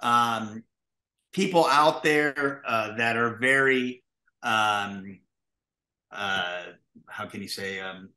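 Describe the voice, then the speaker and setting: A man who is a guest on an interview show, telling stories in an animated, profane way and acting out the dialogue. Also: fairly low pitch, extremely slow, long pauses, roomy sound. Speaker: guest, pizza restaurateur. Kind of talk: casual interview storytelling.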